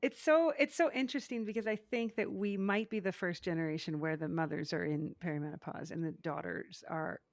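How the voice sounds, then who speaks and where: A woman hosting an interview, asking questions and joining in with gentle laughs. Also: on the low side, brisk, few pauses, dry recording. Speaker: podcast host.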